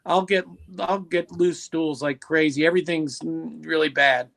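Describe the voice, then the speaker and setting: An agreeable man joins a casual chat, often affirming what the others say. His voice sits a touch high and carries a gravelly rasp. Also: fairly even intonation, unhurried, a bit bright.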